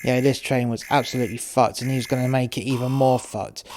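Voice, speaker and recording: A man's voice: mid-range voice, flat delivery, quick pace, darkish tone, a little hiss or hum, natural voice. A man playing a cynical cartel courier who narrates in the first person, in a sweary, sardonic way. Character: cynical, foul-mouthed male cartel courier.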